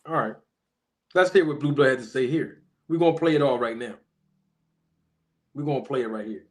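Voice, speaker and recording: A man's voice: medium pitch, a little fast. A man hosting a boxing live stream, calling out viewers in the chat and arguing in disbelief. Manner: animated, incredulous, shouting out chat members. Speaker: boxing commentary channel host. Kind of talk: casual live-stream commentary.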